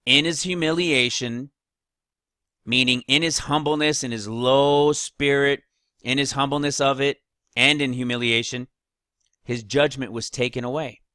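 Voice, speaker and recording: A man's voice: medium pitch, fairly even intonation, a little slow, bright, forceful tone, dry recording, studio quality. A man casually teaching Bible verses, rambling, losing his place and asking rhetorical questions.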